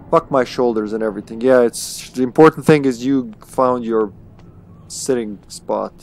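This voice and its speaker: A man's voice: medium pitch, moderate pace. Casual swearing man streaming a game. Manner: casual, swears, chuckles, talks to himself. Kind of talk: live gaming commentary.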